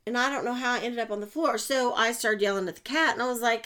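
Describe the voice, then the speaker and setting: A woman hosting a motivational podcast, chatty and self-mocking, with sudden loud bursts. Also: a little high, fast talker, few pauses. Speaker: podcast host and coach.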